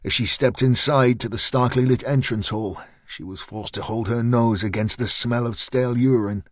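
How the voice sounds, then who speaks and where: A man narrating a thriller audiobook in a measured, steady storytelling voice. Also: mid-range voice, no room sound, studio quality. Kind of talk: scripted narration.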